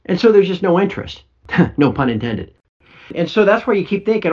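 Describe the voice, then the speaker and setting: Man, middle-aged, self-deprecating, casual podcast chat, lively intonation, muffled audio. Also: high voice, normal speed, husky. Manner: wry, self-deprecating, gloomy humor. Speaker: precious metals site host. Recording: dull lo-fi audio.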